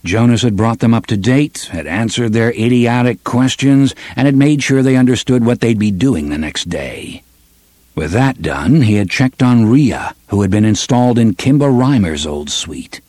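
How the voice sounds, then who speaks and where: A man reading a gritty novel aloud in steady, measured audiobook narration. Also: medium pitch, no room sound. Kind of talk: scripted narration.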